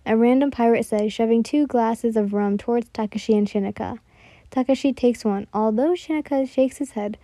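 Mellow-voiced woman reading a story aloud. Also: a little high, moderate pace, dry recording. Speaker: narrator. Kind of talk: storybook reading of fan fiction.

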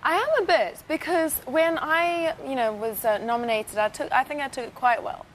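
Female guest, casual and hedgy, slightly high voice, chat show interview. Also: normal speed, a little hiss or hum. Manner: casual, hedging, full of fillers. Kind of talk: interview answers.

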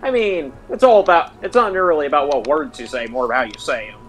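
A man's voice: fairly high pitch, brisk, fairly bright tone, slight background noise, low-quality recording. A man chatting easily with a friend while they play a game together. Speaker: gaming friend. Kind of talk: casual gaming chat.

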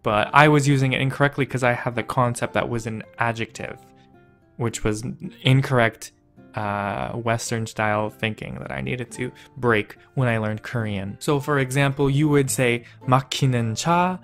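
A man explains grammar points in a relaxed, playful way, poking fun at his own past mistakes. His voice sits at an ordinary middle pitch. Soft guitar music plays faintly underneath. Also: moderate pace. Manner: playful, self-mocking explainer. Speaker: language teacher. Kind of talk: casual educational video.

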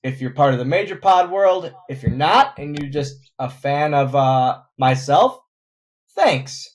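A man hosting a casual chat podcast, halting and self-mocking as he talks. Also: on the high side, expressive. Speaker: podcast host.

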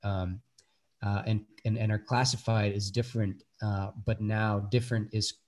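A man's voice: on the low side, flat delivery, moderate pace, darkish tone. A man in his thirties, an actor from Bulgaria, talking earnestly as an interview guest with many restarts. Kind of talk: casual interview chat.

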